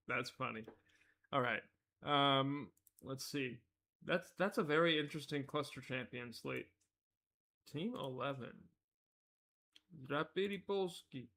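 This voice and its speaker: A man's voice: mid-range voice, takes it slowly, long pauses, pushed and bright. A man hosting a casual live stream, talking loosely as he goes, often breaking off mid-sentence and chuckling at his own asides. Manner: rambling, self-interrupting, easily amused.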